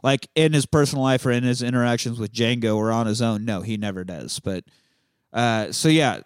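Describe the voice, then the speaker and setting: A man's voice: medium pitch, brisk, clear, resonant tone, no room sound, clean studio sound. Profane man recapping a movie. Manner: profane, animated retelling of scenes. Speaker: podcast host. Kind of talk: casual film recap chat.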